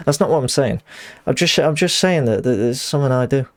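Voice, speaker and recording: Rambling self-deprecating streamer. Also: male voice, mid-range voice, fairly quick. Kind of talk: casual chat while gaming.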